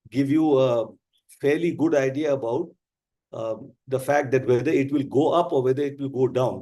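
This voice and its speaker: A man with an Indian English accent teaching a live class, explaining slowly and with emphasis. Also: medium pitch, dark tone. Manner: slow, deliberate, emphatic explaining. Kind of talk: live online class lecture.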